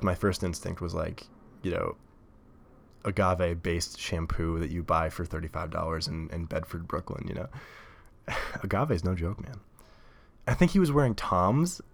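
With a deep, creaky voice, this podcast host delivers a casual solo monologue into a desk mic at a table in his home setup. He rambles, laughs often, and fills his talk with fillers.

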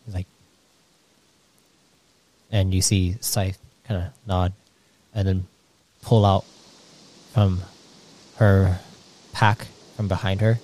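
A man narrating a tabletop game as game master, halting with fillers. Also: low-pitched, flat delivery, darkish tone.

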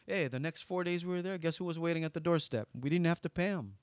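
A man, a guest on an interview podcast, telling lively stories and acting out the dialogue. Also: on the high side, quick pace, no echo. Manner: lively storyteller, acts out dialogue. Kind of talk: casual interview storytelling.

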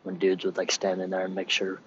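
A young man with a very low, flat voice rambles loosely and swears as he walks outdoors on a base. He sounds dull and lo-fi, with faint outdoor ambience behind him. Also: brisk, a little hiss or hum. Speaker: sailor recording a podcast. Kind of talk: casual rambling monologue while walking. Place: outdoors on a military base, cold.

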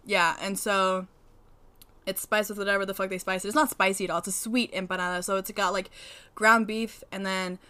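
Bright-voiced teasing woman co-host. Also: medium pitch, little pitch movement, brisk. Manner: teasing, blunt, swears casually. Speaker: podcast co-host. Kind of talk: casual podcast chat. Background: dog whining.

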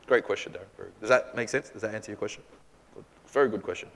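A man, a pastor, answering questions from his congregation in a casual, animated way, acting out little quoted exchanges. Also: lowish voice, racing, gravelly, in a large hall, a little hiss or hum. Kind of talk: church Q&A teaching.

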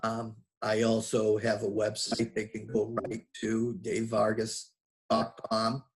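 Boston man as a relaxed podcast guest. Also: on the low side, slow pace. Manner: relaxed, reflective, many fillers and restarts. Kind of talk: casual interview chat.

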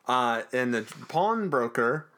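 A man's voice: mid-range voice, expressive, slow, fairly bright tone, smooth. A man co-hosting a podcast, casually recapping a TV episode in a jokey, rambling way. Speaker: podcast co-host.

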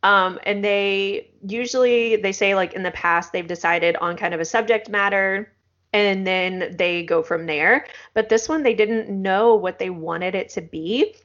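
A woman's voice: mid-range voice, a little slow, fairly bright tone, highs cut off. A woman co-hosting a podcast in a casual, chatty way, with many fillers. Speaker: podcast co-host. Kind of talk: casual chat.

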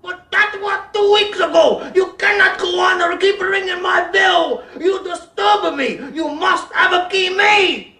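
Shrill shrieking guy, slow and piercing, echoey far-off film clip. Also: steady tone, heavily acted. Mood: irate. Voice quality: high shrill shouting. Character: shrill shouting man in a caricatured Japanese accent.

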